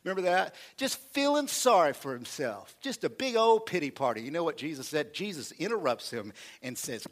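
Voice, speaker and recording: A man preaching with animated energy, leaning into call-and-response with his congregation. His voice sits a bit high and rises and falls widely as he drives home each point. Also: moderate pace, few pauses. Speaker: pastor. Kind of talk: sermon.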